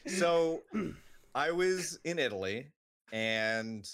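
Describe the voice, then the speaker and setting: A man's voice: on the high side, expressive, drawn-out words, a bit bright. A man co-hosting a podcast, telling a travel story in casual chat, with lots of "like" and "um". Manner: rambling with many fillers, like and um. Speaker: podcast co-host.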